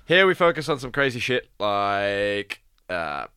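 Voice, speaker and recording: A man co-hosting a podcast, bantering quickly and joking with some swearing. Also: on the low side, sing-song, pushed and bright, smooth, no room sound, studio quality. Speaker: podcast co-host. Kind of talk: casual chat.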